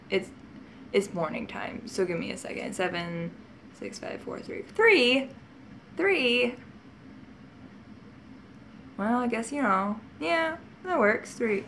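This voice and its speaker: A woman's voice: mid-range voice, slight background noise. A woman vlogger telling childhood stories in a casual, rambling way, often laughing and adding asides. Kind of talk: casual storytelling to camera.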